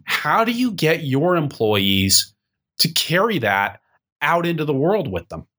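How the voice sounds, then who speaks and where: A man's voice: fairly high pitch, measured pace. A man hosting a farming podcast, reading a sponsor message and asking a guest questions with a few restarts. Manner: lively, searching questions with restarts. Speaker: podcast host. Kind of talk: read sponsor ad and interview questions.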